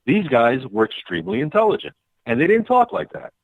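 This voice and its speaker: A man's voice: fairly high pitch, fairly quick, vocal fry, dry recording. A man from New York City calling into a talk show by phone, opinionated and emphatic. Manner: opinionated, animated rise and fall. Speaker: caller. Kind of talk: casual phone chat. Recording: tinny phone line.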